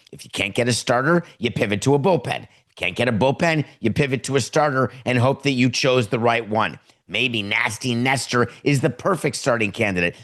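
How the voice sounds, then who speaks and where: Middle-aged guy ranting on his sports podcast, sarcastic, acts out fake phone calls, normal pitch. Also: fairly bright tone. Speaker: podcast host. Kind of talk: opinionated sports commentary.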